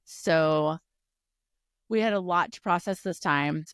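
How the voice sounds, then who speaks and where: A woman with a lowish voice co-hosts a book podcast. She talks emphatically in relaxed chat. The sound is dry and close. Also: slow, smooth, no room sound. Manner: wraps up the episode, chatty and emphatic. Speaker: podcast co-host. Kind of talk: casual book-club chat.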